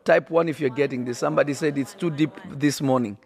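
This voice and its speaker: A man's voice: fairly high pitch, fairly even intonation, fast talker, vocal fry. A man preaching on a podcast, emphatic and repetitive, often checking that listeners follow. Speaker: prophet and podcast host.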